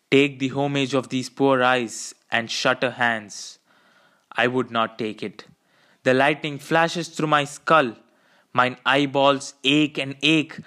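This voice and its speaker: A man voicing an old, proud and defiant sea captain who declaims in grand archaic speech, slow and raised. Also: medium pitch, a bit bright.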